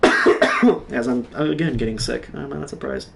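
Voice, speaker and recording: A young man telling gaming stories in a casual, profane, animated way. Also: medium pitch, measured pace, creaky, far from the mic, heavy background noise. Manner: profane, animated, reenacts his own yelling. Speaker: stream co-host. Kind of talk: casual storytelling.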